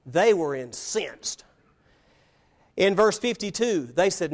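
A man preaching a sermon from the pulpit, emphatic, asking rhetorical questions and swinging between loud and soft. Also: high voice, expressive, takes it slowly, pauses often. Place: church, evening service.

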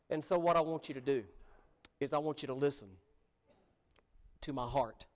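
A man's voice: on the high side, fairly even intonation, moderate pace, pauses often. A man preaching a sermon in an earnest way, building to emphatic peaks as he urges his listeners. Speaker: pastor.

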